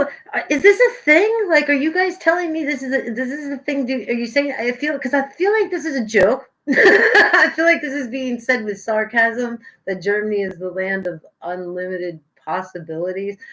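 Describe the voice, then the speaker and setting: Over a rough recording, a young adult American woman with a somewhat high voice talks at a moderate pace while painting at home for her live stream. Chatting casually with viewers, she rambles, teases herself, and swings from loud bursts to quiet muttering.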